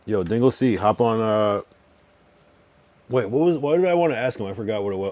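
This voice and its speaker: A young male livestreamer with a low, darkish voice is recorded dry as he reads and answers chat. His banter is teasing trash talk full of swearing and slang, loose and rambling, with restarts and drawn-out counting.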